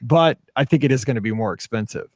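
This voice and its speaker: A man's voice: mid-range voice, fast, darkish tone, no echo, studio quality. A man hosting a casual podcast, chatty and laughing easily, reading listener questions aloud. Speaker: podcast host. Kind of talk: casual chat.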